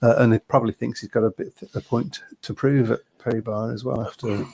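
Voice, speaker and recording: A man's voice: medium pitch, steady tone, a little fast, gravelly, darkish tone, slightly rough. A man hosting a casual sports podcast, chatting and reading out listener messages, chuckling now and then. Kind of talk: casual chat.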